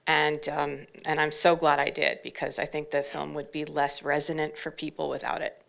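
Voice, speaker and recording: A chatty woman telling stories as a panel guest, her voice low-pitched and gravelly with fry. Her tone is bright and forceful despite the low pitch. She talks casually and fills her sentences with "like.". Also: completely flat delivery, moderate pace. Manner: chatty, with lots of fillers like "like". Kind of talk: casual anecdotal storytelling.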